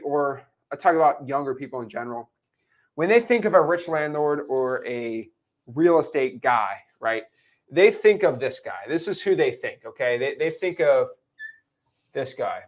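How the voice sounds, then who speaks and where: Young man, real estate teacher, animated whiteboard lesson, bouncy pitch, fairly high voice. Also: moderate pace. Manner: animated, explains with repeated check-ins; acts out characters in put-on voices.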